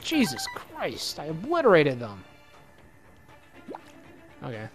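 A man casually commenting on his own gameplay, excitable and swearing a lot, with a slightly hoarse voice. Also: a little high, slow, faint music behind. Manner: excitable, swears a lot, sudden loud outbursts. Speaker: let's play gamer.

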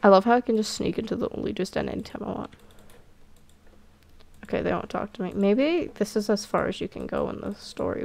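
Giggly woman with a gravelly edge. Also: medium pitch, fairly quick. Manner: giggly, excitable, self-mocking. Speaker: gamer playing a cat role-play game. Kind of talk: casual let's-play commentary.

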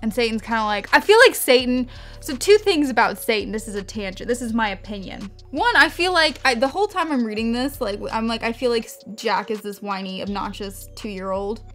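Her voice is fairly high, a bit bright, and animated, moving a little fast as this beauty vlogger rambles through a story while applying makeup. She's chatty, veers into tangents, cuts herself off, and swears without hesitation, over soft background music.

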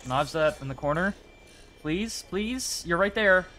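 A young gaming YouTuber gives casual gameplay commentary in a fairly high, brisk voice that sounds pushed and bright, over soft background music. He talks to himself and to the characters on screen, begging, cursing and celebrating.

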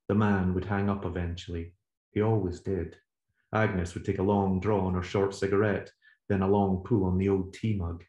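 A man, the author, reading aloud from his novel in a measured, steady voice. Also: deep voice. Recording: roomy echo.

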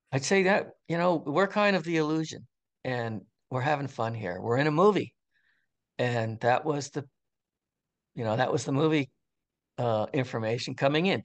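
Older male interview guest, casual storyteller, rambling with lots of "you know", mid-pitched voice. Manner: animated, rambling storyteller with frequent fillers and restarts.

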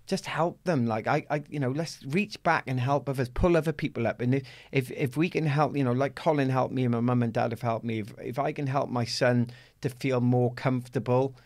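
A middle-aged Welsh man, an athlete guest in an interview, telling a personal story in an animated way and acting out the voices he quotes. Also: mid-range voice, a little fast, hardly any pauses. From Wales.

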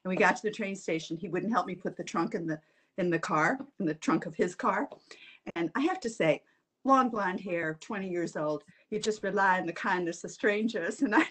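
A woman's voice: medium pitch, animated, moderate pace. Older woman telling a story with laughs. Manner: chatty, laughs through her stories. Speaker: alumna panelist. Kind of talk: storytelling on a panel.

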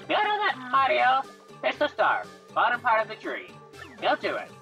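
A woman's voice: a little high, huge pitch swings, normal speed, vocal fry, faint music behind, pitched above the performer's own voice, full character voice. A woman voicing a cranky old female creature elder who scolds and barks orders. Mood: urgent. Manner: bossy, scolding, shouting orders.

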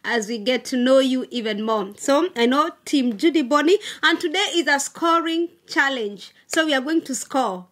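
High-voiced exclaiming vlog wife. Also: female voice, normal speed, few pauses. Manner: animated, exclaiming, religious blessings. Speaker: family vlog co-host. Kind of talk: casual couple vlog chat.

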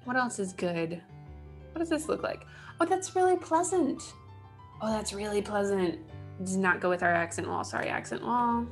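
A woman's voice: medium pitch, expressive, normal speed, soft background music. A woman, likely in her thirties, giving casual let's play commentary, talking to herself with wry asides as she builds. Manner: chatty, wry self-talk while building. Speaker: gaming channel host.

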